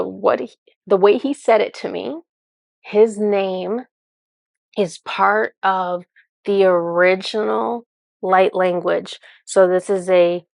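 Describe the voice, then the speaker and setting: A woman gives a spiritual energy forecast in a chatty, loose way, filling her talk with "like" and restarting her sentences. Her voice has a steady vocal fry. The recording is dry and close. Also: mid-range voice, dry recording. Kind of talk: casual monologue to camera.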